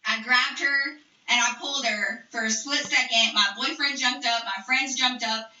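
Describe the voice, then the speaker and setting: High, sharp-voiced young woman ranting. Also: measured pace. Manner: animated, profane, emphatic. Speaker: live streamer. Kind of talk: storytime rant. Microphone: streaming mic. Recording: echoey, distant, muffled room sound.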